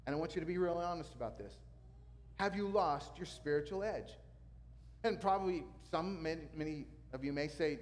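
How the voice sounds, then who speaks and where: A male pastor preaching a sermon, telling a story with lively sound effects. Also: a little high, brisk, big-room sound.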